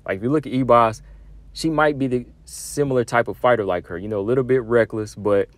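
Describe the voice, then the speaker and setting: A man's voice: mid-range voice, brisk, no room sound. A man hosting a solo fight-talk show, casual and conversational, full of asides and fillers. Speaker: MMA commentary host.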